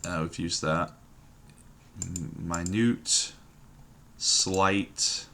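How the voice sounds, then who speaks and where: A man with a lower voice and a bright, forceful edge talks himself through a word puzzle, repeating words under his breath and trailing off mid-thought. Faint keyboard typing and a soft room hum sit behind him. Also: steady tone, very slow. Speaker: puzzle game streamer. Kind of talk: thinking aloud while solving a word puzzle.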